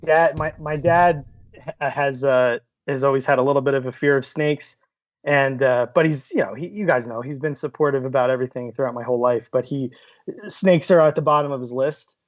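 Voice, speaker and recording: A man's voice: mid-range voice, brisk, highs cut off. A man co-hosting a podcast in casual chat, rambling with many fillers and laughing often. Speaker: podcast co-host.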